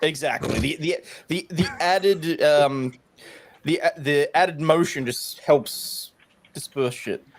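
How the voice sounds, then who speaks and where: A man's voice: fairly high pitch, slow pace. A man with an Australian accent on a casual stream, blunt and joking, swearing freely. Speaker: streamer and co-host. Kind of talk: casual chat.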